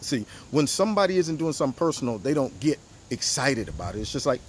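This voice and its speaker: A man hosting his own political commentary show, talking in an animated, mocking way and acting out the people he quotes. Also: a little high, quick pace, few pauses, a little hiss or hum. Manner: animated, mocking, acts out quotes in different voices.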